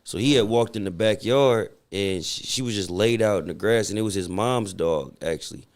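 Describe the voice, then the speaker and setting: A young man with a lowish voice speaks as a podcast guest. His talk is relaxed and full of slang, with an easy conversational rhythm. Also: moderate pace. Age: young adult. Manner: laid-back slangy talk. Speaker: hip-hop artist guest. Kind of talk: casual interview chat.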